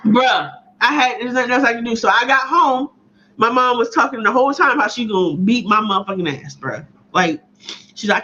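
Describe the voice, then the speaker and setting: A woman co-hosting a casual chat, telling a story in a profane, animated way with a lot of laughing. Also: a little high, normal speed, slight background noise. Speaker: podcast co-host. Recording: slightly muffled audio.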